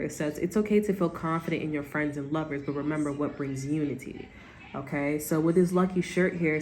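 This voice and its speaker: A woman's voice: sits low, a little mellow. A woman giving a casual tarot reading, rambling and giggly, cursing freely and tagging lines with "okay?". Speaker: tarot reader. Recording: echoey room with faint ambient noise.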